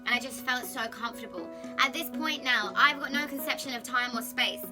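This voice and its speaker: Sitting on a sofa at home, a young woman vlogger tells a personal story to the camera, chatty, candid and expressive. Her voice is high and brisk, with music in the background.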